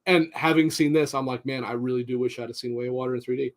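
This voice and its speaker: A man's voice: mid-range voice, fairly even intonation, quick pace. A man, co-hosting a casual podcast, who talks bluntly, swears freely and stumbles over repeated words when worked up. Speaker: podcast co-host. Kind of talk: casual chat.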